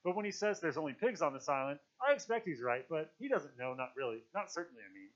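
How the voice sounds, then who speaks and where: A man voicing an excitable schoolboy who rambles and tumbles over his words, pitched higher and louder than his own reading voice. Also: fast talker. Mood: eager. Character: chatty excitable schoolboy, boy. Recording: dull lo-fi recording.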